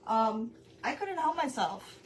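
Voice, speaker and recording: A woman's voice: on the high side, very animated, takes it slowly, noisy background. A woman hosting a casual craft live stream at home, rambling and easily amused, often breaking off to greet viewers by name. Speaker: craft livestream host. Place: at home with her dog.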